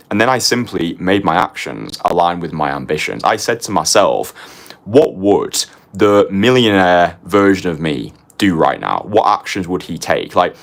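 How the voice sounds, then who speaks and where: A man's voice: low voice, a bit bright. A young man teaching a motivational course as a dating coach, confessional and punchy, tagging his points with "right?" and casually swearing.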